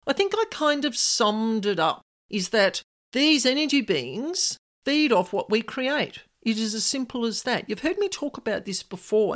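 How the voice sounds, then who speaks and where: A woman hosting a podcast, telling a personal story in a chatty, animated way and quoting voices. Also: medium pitch. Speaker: podcast host.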